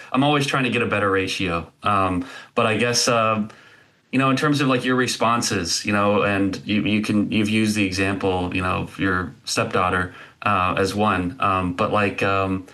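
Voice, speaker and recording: A man's voice: on the low side, bright, forceful tone. A man co-hosting, asking questions hesitantly with many fillers. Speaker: podcast co-host. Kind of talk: casual interview questions.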